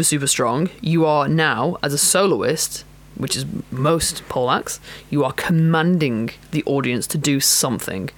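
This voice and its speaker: A chatty woman talks straight to her listeners as a pole dance coach and podcast host. She is frank and easygoing, breaks into self-mocking laughs, and fills her sentences with ums and likes. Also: sits low. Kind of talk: casual solo podcast talk.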